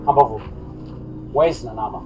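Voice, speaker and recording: A man's voice: medium pitch, brisk, background noise, lightly acted. A young actor playing a confused, agitated man who doesn't recognize the people around him, heard over background music. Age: young adult. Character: bewildered young man who has lost his memory. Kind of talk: youth drama acting.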